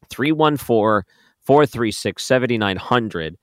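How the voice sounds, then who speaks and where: A man's voice: medium pitch, expressive, takes it slowly, no room sound, clean studio sound. A man hosting a late-night call-in radio show, talking casually with joking asides. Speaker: radio talk show host. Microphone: studio microphone.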